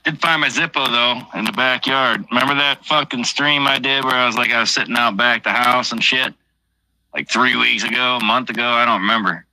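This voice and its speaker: A man's voice: medium pitch, brisk, bright, forceful tone, no room sound, low-quality recording. Man, late-night stream chat, profane, offhand, dry close sound. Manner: rambling, heavy swearing, offhand. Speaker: livestreamer. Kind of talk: casual late-night livestream chat while drinking.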